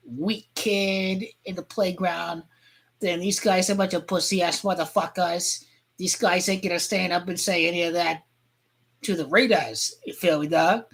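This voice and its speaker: A woman vlogger ranting crudely about football, rambling and heated, with sudden shouting outbursts. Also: on the low side, moderate pace, husky. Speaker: sports fan vlogger. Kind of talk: profane football rant.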